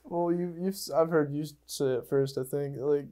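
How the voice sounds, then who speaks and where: Young male podcast host, a touch high-pitched, loose and rambling, quick to get worked up. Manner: rambling and excitable, swears, many fillers. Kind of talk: casual chat.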